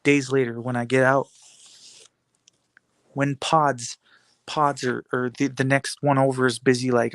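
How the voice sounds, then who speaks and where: A man's voice: medium pitch, flat delivery, measured pace, long pauses, no echo. A man giving a defiant, taunting monologue full of rhetorical questions and repeated phrases. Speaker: video blogger.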